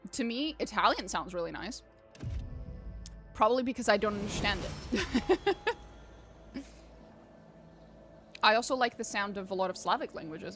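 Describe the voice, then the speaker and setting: A young woman streaming a game, chatting casually with her viewers, swearing and laughing often. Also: mid-range voice. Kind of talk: casual chat while gaming.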